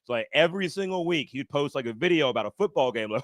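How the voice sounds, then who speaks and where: A man doing a stand-up comedy set on stage, animated and acting out other people's voices. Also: fast, few pauses, dry recording. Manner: animated, acts out other people's voices with big jumps in pitch. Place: comedy stage before a live audience.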